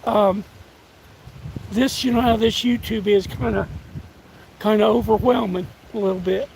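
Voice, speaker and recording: Older man, hoarse, gravelly, high-pitched, slow folksy talk, phone outdoors. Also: steady tone, a little mellow, low-quality recording. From United States. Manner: folksy, halting, thanks viewers by name. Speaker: live streamer. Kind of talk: casual live-stream chat. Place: outdoors in windy woods. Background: faint wind and rustling leaves.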